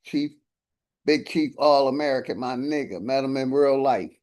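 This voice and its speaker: A man hosting a livestream, laid-back, reading off shout-outs to his chat. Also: mid-range voice, normal speed. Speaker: livestream host.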